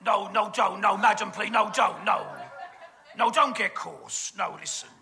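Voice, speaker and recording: A man's voice: sits high, measured pace, vocal fry, bright, forceful tone. A man with a British accent doing a camp, gossipy stage comedy monologue full of innuendo. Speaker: comic performer.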